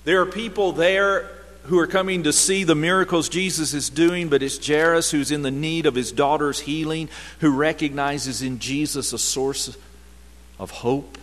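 A man preaching a sermon, moving from loud emphatic scripture reading down to hushed, near-whispered passages. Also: on the high side, fairly even intonation, moderate pace, long reverb tail. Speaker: pastor.

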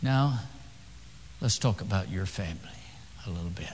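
A man preaching a sermon to a congregation, dropping to hushed whispers and then rising into impassioned, high pleading. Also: expressive, normal speed. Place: church sanctuary with audience. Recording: long hall reverb, faint hum.

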